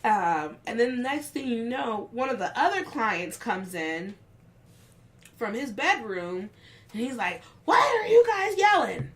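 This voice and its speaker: A woman's voice: fairly high pitch, lively intonation, fairly bright tone. A woman casually telling a story from work, acting out what others said with raised voices. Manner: unhurried, acts out the quotes of others with raised voices.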